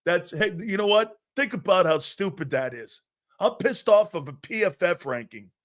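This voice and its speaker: A loud, brash man hosts a live sports talk show, answering his viewers and laughing as he goes. His voice sits a little high for a man. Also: normal speed. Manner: brash, loud and animated, often laughing at himself.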